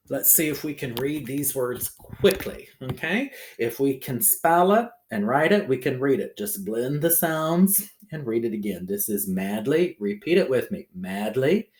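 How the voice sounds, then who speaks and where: A man teaching a phonics lesson to young pupils, slowly sounding out syllables and checking in with a bouncy "okay?". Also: fairly low pitch. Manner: slow, exaggerated sounding-out of syllables; ends phrases with a bouncy "okay?".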